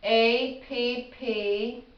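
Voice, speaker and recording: A middle-aged woman teaching a casual spelling lesson, chatty and self-deprecating, sounding words out slowly. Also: a little high, fairly even intonation. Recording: echoey room, slightly dull audio.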